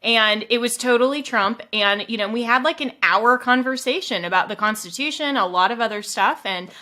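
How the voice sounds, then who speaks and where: Animated bright-voiced woman host. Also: a little high, moderate pace. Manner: animated, laughing often. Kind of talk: interview conversation.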